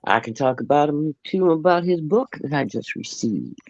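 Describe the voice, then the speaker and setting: A man's voice: fairly high pitch, lively intonation, moderate pace, a little mellow, no room sound. A man co-hosting a casual chat over a video call, joking crudely and laughing. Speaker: co-host. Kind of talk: casual banter. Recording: dull lo-fi call audio.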